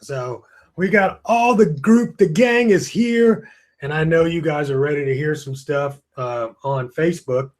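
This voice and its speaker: With a slightly high voice and an unhurried pace, a weary course host leads a live webcam webinar, a screen next to the camera. He keeps stifling yawns, greets viewers by name, and lets his talk wander.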